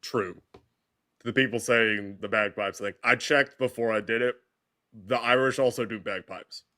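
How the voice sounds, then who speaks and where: A man in a casual stream chat, talking quietly and chatting easily. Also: lowish voice, fairly even intonation, measured pace.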